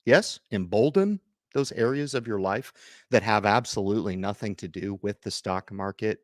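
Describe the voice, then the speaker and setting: A man's voice: fairly low pitch, no echo, studio quality. A middle-aged man hosting an investing livestream, chatting casually and rambling, talking straight to his viewers. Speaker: investing channel host.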